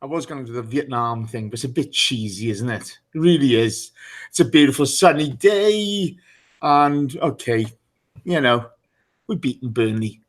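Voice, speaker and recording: A man's voice: mid-range voice, lively intonation, moderate pace. A man hosting a live podcast in a casual, chatty way, teasing his guests and greeting listeners by name. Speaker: podcast host.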